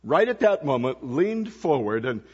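A man's voice: medium pitch, big pitch swings, unhurried, husky, long reverb tail, highs cut off. A man preaching as a visiting pastor to a church congregation, telling stories and asking the people questions. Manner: storytelling, asks the congregation questions. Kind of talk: sermon. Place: church sanctuary.

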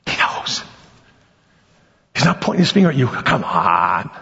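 A man preaching an animated sermon as pastor, swinging between loud bursts and quiet asides. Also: a little high, normal speed, gravelly, a little hiss or hum. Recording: dull lo-fi sound with long hall reverb.

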